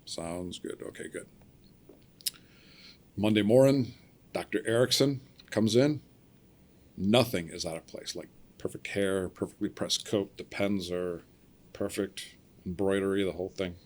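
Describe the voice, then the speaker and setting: Middle-aged guy on a podcast, lowish voice, telling a wild story and doing everyone's lines. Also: moderate pace. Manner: animated storyteller acting out quoted voices, laughing. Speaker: podcast guest, cable splicer. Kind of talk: casual storytelling.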